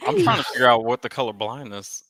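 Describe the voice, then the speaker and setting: A woman reading viewer comments aloud on a live stream, often hesitant and polite as she cuts in. Her voice is very low yet swings widely in pitch. It also has a bright edge and sounds dry and close. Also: huge pitch swings, fast, no echo. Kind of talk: casual live-chat banter.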